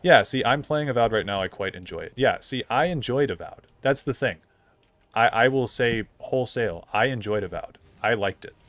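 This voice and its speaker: A man's voice: medium pitch, animated, normal speed, fairly bright tone, no room sound. A young man streaming a game, chatting casually in a rambling, opinionated way full of fillers. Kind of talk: casual gameplay commentary.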